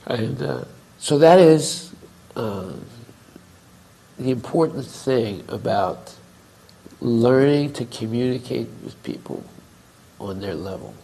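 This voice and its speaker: Gravelly man telling a story in class. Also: mid-range voice, animated, slow pace, long pauses, mellow, poor audio. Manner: conversational, acts out quoted dialogue. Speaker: temple speaker.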